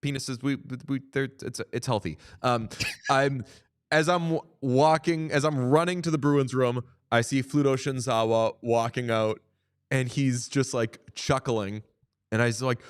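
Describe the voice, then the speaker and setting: A man co-hosting a sports podcast in casual chat, telling stories with lively acted-out quotes. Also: mid-range voice, moderate pace, clean tone. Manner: animated storyteller, acts out quotes. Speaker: podcast co-host.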